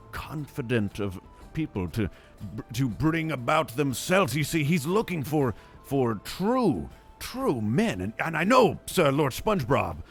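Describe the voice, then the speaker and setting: A man playing a pompous scheming lord. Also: a little high. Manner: pompous mock-aristocratic lord voice. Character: smooth-talking scheming male lord. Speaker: player. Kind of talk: in-character tabletop role-play.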